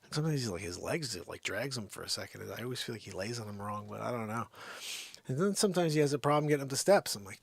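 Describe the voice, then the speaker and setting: A man hosting a casual unscripted livestream, rambling and often dropping into a hushed whisper. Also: mid-range voice, animated, very fast, creaky, slightly rough, no room sound. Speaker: livestream comedy host.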